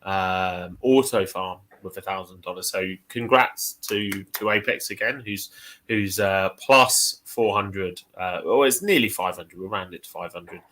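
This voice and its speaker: Bright-voiced man hosting. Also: deep voice, unhurried. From United Kingdom. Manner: relaxed, chatty, many fillers and restarts. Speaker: host. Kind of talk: casual live stream chat.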